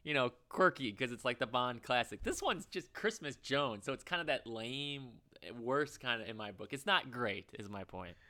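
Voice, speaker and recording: Chatty guy hosting a podcast, bright smooth voice, rambly, laughs a lot. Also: mid-range voice, animated, normal speed, hardly any pauses. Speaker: podcast co-host. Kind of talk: casual chat.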